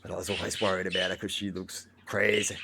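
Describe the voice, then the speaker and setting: Australian man, lowish voice, casual rambling storyteller who acts out bits loudly. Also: flat delivery, quick pace, gravelly, very noisy. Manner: rambling, acts out scenes with loud exclamations. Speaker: vlogger.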